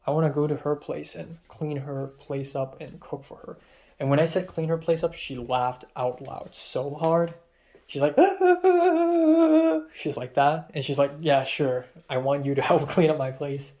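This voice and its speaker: A man's voice: fairly high pitch, fairly even intonation, moderate pace, a little mellow. A young man telling a personal story in a rambling diary-style vlog, full of ums and quoted back-and-forth, sounding tired. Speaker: vlogger.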